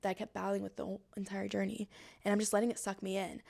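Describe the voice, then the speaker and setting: A woman's voice: medium pitch, level tone, racing, creaky, a little mellow. A woman podcast host telling a personal story in a casual, rambling way, full of "like" fillers. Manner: rambling, heavy use of "like" fillers.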